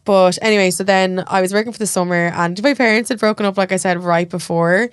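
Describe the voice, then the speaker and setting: Irish woman rattling off a story on a podcast, loads of "like", crisp dry close mic. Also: medium pitch, steady tone, no echo. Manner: rapid, chatty, peppered with "like". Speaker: podcast guest. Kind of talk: casual storytelling interview.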